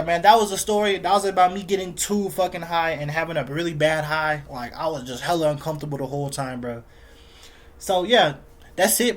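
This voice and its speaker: A young man telling a rambling story for his vlog in casual slang, repeating himself and calling the listener "bro" constantly. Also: high voice. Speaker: vlogger.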